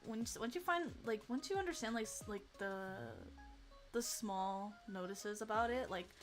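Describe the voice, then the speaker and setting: A young woman streaming casually, excitable and giggly, with lots of fillers and restarts. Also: medium pitch, normal speed, soft background music. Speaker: VTuber streamer. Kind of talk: casual livestream chat.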